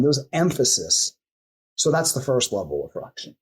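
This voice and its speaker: A man's voice: mid-range voice, very animated, husky. A man who is a coaching expert, explaining his method in a podcast interview and reeling off strings of coaching questions. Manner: acts out client replies in quick asides.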